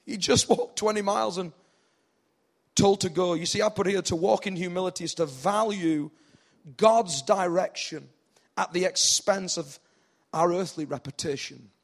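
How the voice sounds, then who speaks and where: A pastor with a northern English accent preaches a sermon in a high voice at a moderate pace. He's animated, acting out the people in the story with rising intensity.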